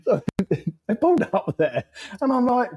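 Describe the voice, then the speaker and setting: Man, podcast guest, rambling anecdotes, swears, laughs a lot, mellow tone. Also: extremely high pitch, big pitch swings, normal speed, low-quality recording. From England. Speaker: podcast guest, motorcycle traveler. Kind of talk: casual storytelling.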